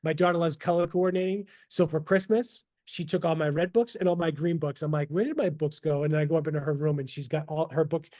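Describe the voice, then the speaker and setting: A man speaking as a podcast guest in casual interview talk, animated and motivational, over a video call. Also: on the high side, quick pace, few pauses. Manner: animated, motivational, quotes himself in asides.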